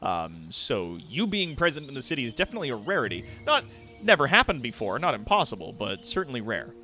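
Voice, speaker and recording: Animated male game master. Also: medium pitch, fast talker, faint music behind. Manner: animated, laughing often. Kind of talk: narrating a tabletop game.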